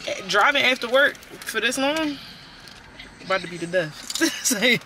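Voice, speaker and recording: A woman's voice: on the high side, animated, unhurried, noisy background. A woman filming a casual family vlog, chatty and laughing often, talking to her viewers from the car. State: out of breath. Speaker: vlogger. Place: car on the road.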